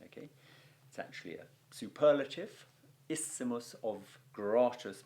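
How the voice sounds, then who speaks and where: Man, Latin teacher, video lesson, animated pitch, chatty and enthusiastic, playful asides. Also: measured pace. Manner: lively, chatty teaching with fillers and sound effects. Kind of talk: video lesson explaining verse scansion.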